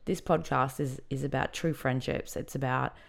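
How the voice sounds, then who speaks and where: Speaking with a very deep, creaky voice at a normal pace, this female podcast host keeps her intonation fairly even. Her delivery is candid and chatty as she shares something personal, peppered with many fillers.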